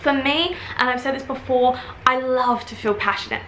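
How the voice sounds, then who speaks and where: A woman in her twenties from Australia, with an Australian accent softened by British influence, chatting casually to camera at home in a rambling way with quick asides. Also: sits high, roomy sound, a little hiss or hum. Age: 20s. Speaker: vlogger. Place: at home, indoors.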